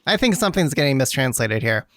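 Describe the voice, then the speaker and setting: A man co-hosting a pop music podcast in casual chat, animated and given to laughing asides. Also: medium pitch, fast talker, no room sound, studio quality. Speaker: podcast co-host.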